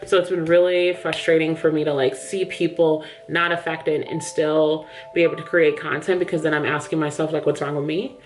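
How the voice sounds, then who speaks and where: A woman's voice: sits low, level tone, normal speed, few pauses, slight background noise. A woman book vlogger chatting candidly to camera in a small room under studio lights, a little out of breath. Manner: chatty, candid, says "yo" and "y'all". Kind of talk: casual chat to camera.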